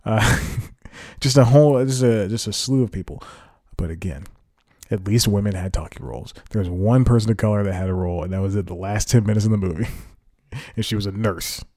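A man with a fairly low, mellow voice hosts a casual podcast, rambling and correcting himself as he goes. He laughs at his own asides. The recording is dry and close. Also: fairly quick, no echo. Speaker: podcast host. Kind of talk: casual solo podcast talk.

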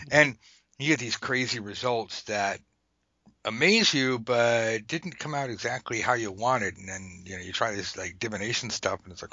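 A man hosting a tarot lesson in casual chat, animated and irreverent, swearing and slipping into whispered asides. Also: lowish voice, normal speed, slightly rough, dry recording. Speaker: tarot teacher and podcast host. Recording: dull lo-fi recording.

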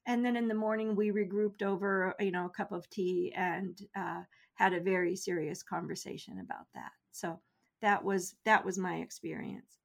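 A middle-aged woman, an interview guest, recounting a personal experience in an earnest, measured way with soft laughs. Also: mid-range voice, steady tone, vocal fry. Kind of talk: interview storytelling.

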